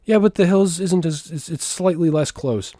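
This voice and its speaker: A man's voice: a little high, moderate pace, dark tone, dry recording, studio quality. A man co-hosting a podcast in casual chat, crude and swearing, laughing as he rants about food. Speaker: podcast co-host.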